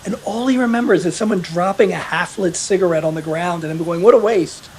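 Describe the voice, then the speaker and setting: A man telling a veteran's story in a casual podcast conversation, animated and quick to quote others. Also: high-pitched, a little hiss or hum. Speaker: author interviewed about his article.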